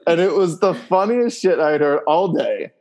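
With a fairly high pitch and normal speed, this male podcast guest chats casually through family stories. He tells them with animation, laughing a lot, belting out loud screams for effect, and leaning heavily on fillers like "like" and "um".

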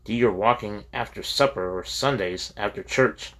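Stern, calm older college head, low-voiced, lecturing firmly, read by a male narrator. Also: moderate pace.

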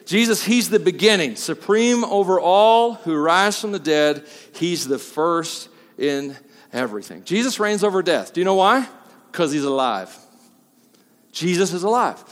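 Male pastor, high voice, lively sermon, big echoing hall. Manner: lively, swinging from quiet asides to loud emphatic peaks.

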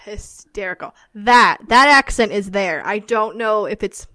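A woman's voice: medium pitch, measured pace, sharp tone, no room sound. A woman co-hosting a casual chat podcast, rambling with many filler words. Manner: rambling, lots of "like". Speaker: podcast co-host.

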